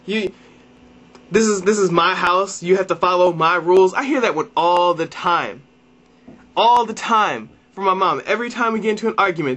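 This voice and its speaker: A young man with a high voice rants straight into his camera, exasperated and full of swearing. He keeps circling back, repeating phrases and restarting sentences as he builds his complaint. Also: animated, normal speed, sharp tone. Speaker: vlogger. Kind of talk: ranting to camera.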